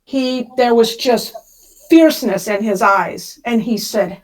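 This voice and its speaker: A middle-aged woman from Kansas, a podcast guest telling a personal story with emotion, rushing when she relives the panic. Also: a little high, low-quality recording.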